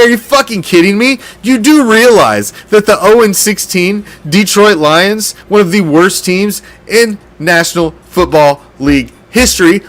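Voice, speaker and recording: A man hosts a fan sports show in a casual, ranting way, his voice sitting a little high. He swears freely and turns sarcastic as he gets heated, often stumbling and restarting his sentences. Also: a bit bright.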